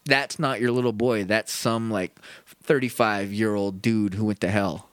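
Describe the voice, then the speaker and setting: A man's voice: lowish voice, fairly even intonation, normal speed, dry recording, studio quality. A man co-hosting a casual podcast, telling stories animatedly and acting out scenes in quoted voices. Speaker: podcast co-host. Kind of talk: casual chat.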